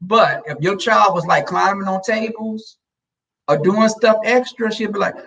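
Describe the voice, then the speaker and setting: A man with a fairly high, gravelly voice spins casual family stories, animated and blunt, dropping into the voices of the people he quotes. He sits a little back from the microphone, so the sound is slightly distant. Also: measured pace, highs cut off. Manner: blunt, slangy. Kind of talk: casual storytelling chat.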